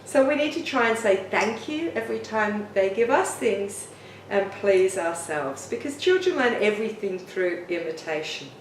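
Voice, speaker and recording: A woman's voice: medium pitch, a little hiss or hum. Middle-aged woman, parenting tips, encouraging, roomy reverb, distant mic, faint ambience. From Australia. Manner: gentle, encouraging, expressive storytelling. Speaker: parenting author and teacher. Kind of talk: talking-head parenting tips.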